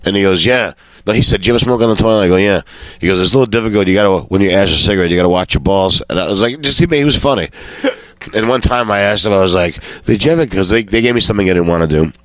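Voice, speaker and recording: A man with a deep, low voice recounts showbiz anecdotes as a guest on a talk show. He swears casually and slips into the voices of the people he quotes. The sound is dry and close, with no room around it. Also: rapid-fire, no room sound. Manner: swearing storyteller who acts out quotes. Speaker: comedian guest.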